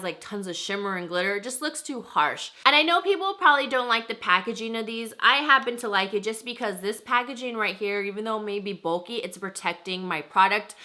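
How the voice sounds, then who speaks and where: A woman's voice: medium pitch, sharp tone. A young woman reviewing makeup to camera in a chatty, enthusiastic way. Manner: chatty and enthusiastic, lots of "like" and "freaking". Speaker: beauty vlogger. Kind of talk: casual product review to camera.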